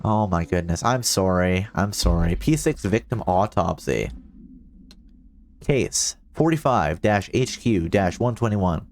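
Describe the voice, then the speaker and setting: A man's voice: deep voice, expressive, measured pace, a little mellow. A man streaming a video game, joking around and reading in-game documents aloud. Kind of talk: casual gameplay commentary.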